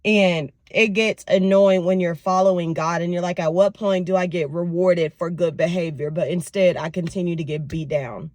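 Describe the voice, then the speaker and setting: A young woman vlogging casually to camera, telling her week in an expressive, venting way. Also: lowish voice, normal speed, few pauses, no echo. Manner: expressive, venting, lively storytelling. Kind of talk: casual vlog talk to camera.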